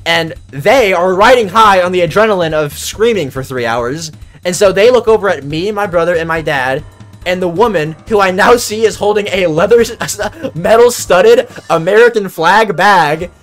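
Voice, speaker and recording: Young man, streamer, high voice, animated, exasperated, swearing. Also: normal speed, soft background music. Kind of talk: casual storytelling.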